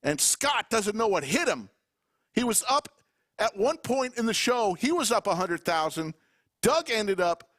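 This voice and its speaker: A man commentating live poker play-by-play, excited and out of breath, calling out to viewers. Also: sits high, a little slow. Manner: excited, emphatic calls to viewers.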